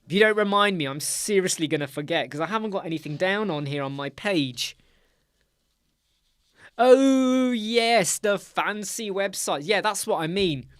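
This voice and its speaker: A man's voice: a little high, clear, resonant tone, no echo. Chatty middle-aged British man, dry sound. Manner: chatty, addresses viewers by name, teasing. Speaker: livestream host. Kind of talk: casual live chat with viewers.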